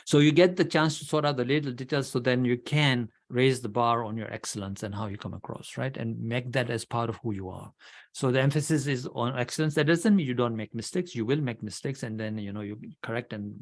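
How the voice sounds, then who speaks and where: A man's voice: medium pitch, a little fast. A man leading an orientation at an online club meeting, talking in a blunt, direct way with frequent restarts. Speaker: club leader giving member orientation.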